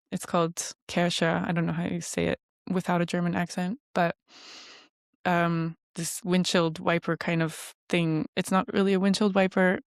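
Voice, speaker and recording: A woman's voice: fairly low pitch, clear, resonant tone, no room sound, clean studio sound. A middle-aged woman hosting a podcast, talking in a chatty, reflective way with many fillers. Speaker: podcast host. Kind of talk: casual podcast monologue.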